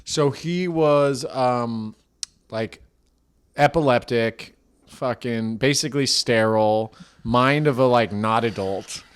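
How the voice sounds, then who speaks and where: A man's voice: mid-range voice, slow, smooth. Rambling, laughing male podcast co-host. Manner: rambling storyteller, laughs mid-sentence. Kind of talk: casual podcast chat.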